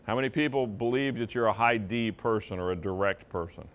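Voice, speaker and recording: A man's voice: lowish voice, fairly quick. A man giving a live seminar presentation to real estate agents, talking in an emphatic, conversational way and leaning on his intonation to drive points home.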